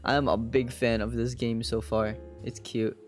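A man's voice: medium pitch, flat delivery, unhurried, darkish tone, soft background music. A young man streaming a game, giving laid-back, slangy casual commentary.

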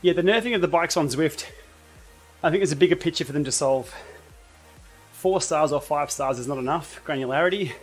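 Aussie bloke chatting on his training-ride stream, kinda high voice, music faint in the back. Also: a little fast, long pauses. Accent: Australian. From Australia. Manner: chatty, rambling, wry asides. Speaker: cycling YouTuber host. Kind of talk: casual livestream chat while riding.

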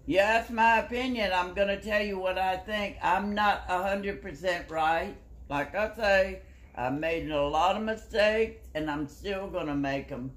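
A woman's voice: medium pitch, measured pace. An older woman with a Southern US accent, a grandmother chatting on a live stream in a plain-spoken, lecturing way. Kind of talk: casual chat.

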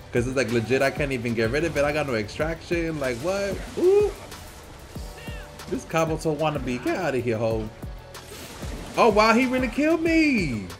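Brief: male gamer host, fairly high voice, very lively pitch, playful trash talk, game music faint underneath. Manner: animated, playful trash talk with frequent laughter. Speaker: gaming channel host. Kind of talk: live gameplay commentary.

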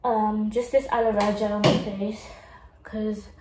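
A young woman vlogs casually from a handheld phone, rambling and giggling as she moves through busy streets and a restaurant. Her medium-pitched voice stays level at a moderate pace, though she sounds out of breath. Loud crowds and traffic fill the background.

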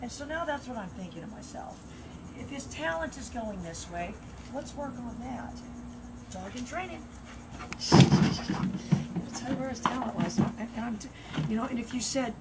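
A woman's voice: a little high, expressive, normal speed, pauses often. A woman training her dog and talking casually, chatty and playful, with sing-song repeats. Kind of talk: casual training demo talk. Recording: noisy outdoor recording.

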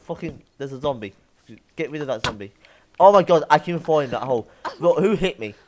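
A young man gaming and chatting casually, exasperated and swearing, sometimes shouting. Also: fairly high pitch, expressive, fairly quick. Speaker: gaming video host. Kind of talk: casual gameplay chat.

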